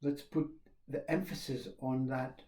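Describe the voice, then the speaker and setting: A man giving a slow, reflective spiritual talk, repeating questions and pausing often. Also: mid-range voice, flat delivery, mellow, roomy sound. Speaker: spiritual teacher.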